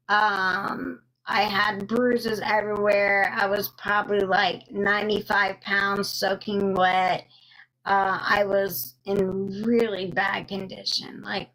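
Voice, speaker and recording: Young woman livestreaming, bright voice, slow halting talk with lots of um, thanks chat as she goes. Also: mid-range voice, low-quality recording. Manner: slow, halting, many ums, thanks viewers mid-story. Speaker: live streamer. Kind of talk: casual live-stream storytelling.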